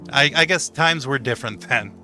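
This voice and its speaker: A man's voice: medium pitch, fairly quick, sharp tone, faint music behind. A man voicing a prim, well-kept male goblin servant who stammers politely. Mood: chatty.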